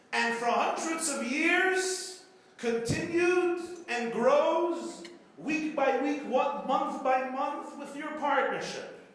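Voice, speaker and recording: The speaker is a man, a rabbi, whose voice is extremely high and fairly bright. Giving an after-dinner keynote, he mixes storytelling and jokes with dramatic repetition of phrases. The large banquet hall makes the recording very echoey, with faint room noise.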